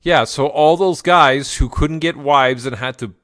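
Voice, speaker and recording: A man's voice: fairly high pitch, unhurried, a bit bright, no echo, studio quality. A man giving blunt, crude, joking reaction commentary.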